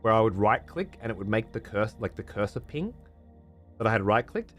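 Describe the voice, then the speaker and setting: An Australian man chats on his stream, loose and profane, and he laughs often. His pitch swings widely as he talks. Faint music plays behind him. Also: very animated, brisk. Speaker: streamer host. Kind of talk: casual stream chat.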